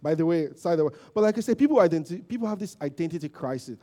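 Man, lay preacher, informal sermon, fairly high voice, mellow tone, keeps asking "okay?", swells and fades. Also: fast talker. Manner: informal, peppered with "you know" and "okay?" checks to the congregation; animated, rising loud at emphasis and trailing low. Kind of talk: conversational sermon.

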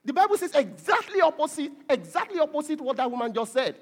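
Lively high-voiced male preacher. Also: fast. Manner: preachy, rising to emphatic peaks with repeated words. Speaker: pastor. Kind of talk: sermon.

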